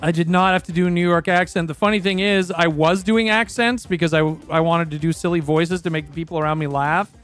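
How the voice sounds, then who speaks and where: A man's voice: a little high, a little fast, hardly any pauses, fairly bright tone, soft background music. A Canadian man in his thirties, chatting casually and rambling through his past jobs, swearing freely and correcting himself as he goes. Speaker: streamer.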